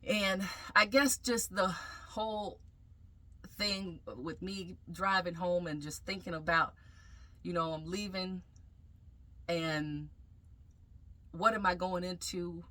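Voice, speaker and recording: Bright-voiced woman telling her story. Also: on the low side, steady tone. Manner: reflective, halting, with frequent pauses and fillers. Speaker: vlogger sharing a personal testimony. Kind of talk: emotional personal storytelling.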